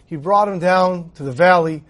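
High-voiced man telling a Torah story. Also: normal speed. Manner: animated storyteller who acts out dialogue. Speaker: rabbi teaching.

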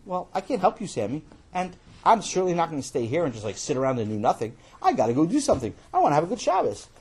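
A man's voice: a little high, wildly swooping pitch, fast talker, a little mellow, breathy edge, pitched above the performer's own voice, heavily acted. A man voicing a restless young boy in a children's story, talking in an offhand, breezy way.

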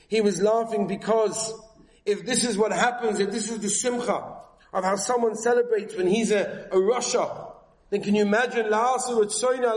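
High-voiced man giving an emphatic sermon. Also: echoey room. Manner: emphatic, rising to high pitch when voicing quoted figures. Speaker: rabbi giving a talk. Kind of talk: Torah lecture with Yiddish-inflected Hebrew terms.

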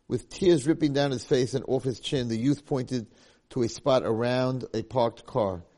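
A man's voice: mid-range voice, moderate pace, mellow. Emphatic male Torah teacher. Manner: emphatic, repeats points for effect. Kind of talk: religious lecture with storytelling.

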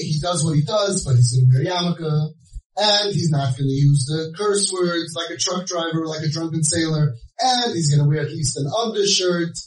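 A man giving a storytelling talk to a live audience, joking and acting out the dialogue as he counsels families. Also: on the high side. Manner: animated and joking, acts out the dialogue. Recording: echoey, voice from far off.

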